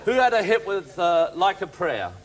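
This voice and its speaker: A man's voice: sits high, sing-song, normal speed, a crowd in the background. A man hosting a family game show, chatty, teasing and upbeat with young contestants. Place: TV studio with live audience. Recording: 1980s TV studio with loud audience and noise.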